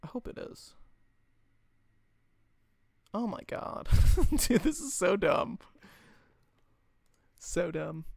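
Young male streamer, high gravelly voice, dry close mic, joking card-game commentary. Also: big pitch swings, extremely slow, long pauses, no echo. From United States. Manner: chatty, joking, laughs often, answers chat. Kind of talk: casual live-stream gameplay commentary.

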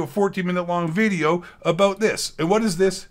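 A man with a fairly high voice rants straight to camera as a gaming commentator. His delivery is profane and heated, full of sarcastic jabs and repeated phrases. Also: fairly quick. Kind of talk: ranting video commentary.

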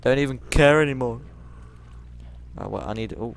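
A man giving rambling let's play commentary, jumpy and quick to shriek when startled. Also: medium pitch, vocal fry, slight background noise.

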